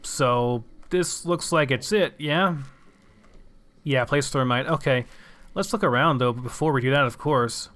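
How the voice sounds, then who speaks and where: A man's voice: medium pitch, measured pace, fairly bright tone, a little hiss or hum. A young man casually commenting on his game, musing aloud and swearing now and then. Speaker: gamer.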